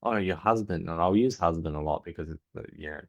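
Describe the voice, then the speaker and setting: Low-voiced Australian man telling family stories. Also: quick pace, creaky. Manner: frequent restarts, acts out family dialogue. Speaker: podcast guest. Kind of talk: candid conversational storytelling.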